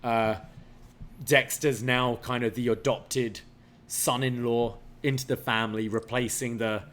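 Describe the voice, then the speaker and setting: A man's voice: mid-range voice, steady tone, measured pace, a bit bright, a little hiss or hum. A man co-hosting a podcast in casual chat, laying out his opinions in a thoughtful, explaining way. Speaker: podcast co-host.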